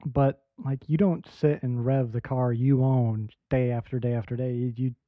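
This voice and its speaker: A man hosts a casual podcast chat in loose talk with plenty of fillers. His voice comes through a tinny, phone-like line with no room echo. His pitch sits in the middle range. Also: steady tone, normal speed. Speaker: podcast host.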